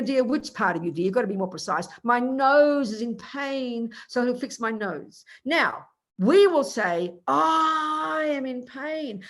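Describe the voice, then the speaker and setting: Animated older woman teaching dharma. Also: medium pitch. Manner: animated, emphatic, acts out little dialogues. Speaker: Buddhist nun teacher.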